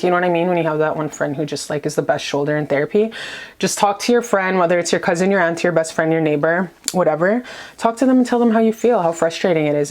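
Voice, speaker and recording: Female tarot reader, slightly low voice, effusive and profane, chatty check-ins. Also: a little mellow. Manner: gushing, profane and playful, lots of "okay?". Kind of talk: casual tarot reading to camera.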